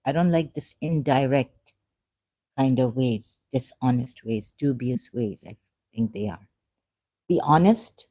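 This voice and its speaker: A native Urdu speaker with a dark, mellow tone and an ordinary middle pitch. The talk is a casual monologue on faith, hesitant and halting, with many fillers and self-corrections. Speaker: ex-Muslim vlogger.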